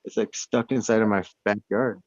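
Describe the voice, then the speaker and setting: A man chatting casually from home, rambling along with plenty of profanity and animated outbursts. His voice sits a bit low and comes across dry and close. The sound is slightly dull and lo-fi. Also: moderate pace, dry recording. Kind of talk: casual chat. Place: indoors at home.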